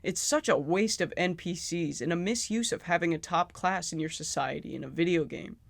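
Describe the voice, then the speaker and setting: Dude ranting sarcastically about a game, highish voice, dry close sound. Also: male voice, normal speed, vocal fry, a bit bright, no room sound. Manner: sarcastic, profane, exasperated. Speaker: video essayist. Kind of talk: critical game commentary.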